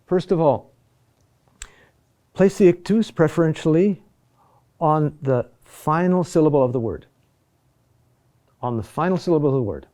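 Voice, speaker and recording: A man teaching a class on chant, slow and halting, often repeating key words and checking in with "huh?". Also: fairly high pitch, lively intonation, dark tone. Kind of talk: classroom lecture.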